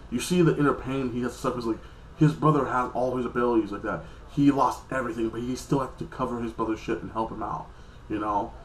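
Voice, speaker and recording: A man's voice: mid-range voice, echoey room, a little hiss or hum, poor audio. Rambling man recapping a TV episode. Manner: rambling, loose, heavy filler words. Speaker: TV episode reviewer.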